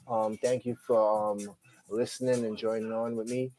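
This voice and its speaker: A man's voice: on the low side, flat delivery, moderate pace, a little mellow, low-quality recording. A man hosting a podcast live stream, chatting casually and rambling with many "um" fillers, sounding tired. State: tired, yawning. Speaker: podcast host.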